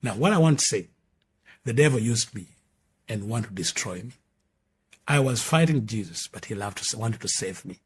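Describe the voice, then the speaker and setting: A middle-aged male pastor, giving his testimony as an emphatic storyteller who swings between loud and hushed. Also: on the low side, expressive, normal speed, long pauses. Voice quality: very husky. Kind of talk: testimony sermon.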